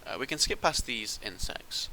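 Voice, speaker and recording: A man talks through a game in loose, casual commentary. His voice is very bright and sharp, and he thinks aloud, circling back with restarts and hesitations. A faint hiss sits under the recording. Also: mid-range voice, sing-song, normal speed, low-quality recording. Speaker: gaming channel host.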